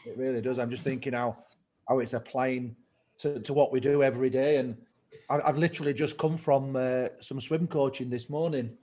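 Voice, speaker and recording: A man of ordinary pitch hosting a casual podcast interview. He laughs easily and works his thoughts out aloud with small restarts. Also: fairly even intonation, moderate pace, mellow. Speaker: podcast host and swim coach.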